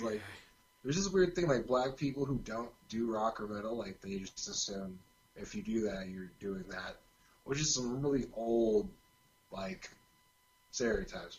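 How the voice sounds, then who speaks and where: Relaxed man from California, chatty guest, slightly dull audio. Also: mid-range voice. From California, USA. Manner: easygoing, chatty, lots of "like". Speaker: guitarist guest. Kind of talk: casual chat.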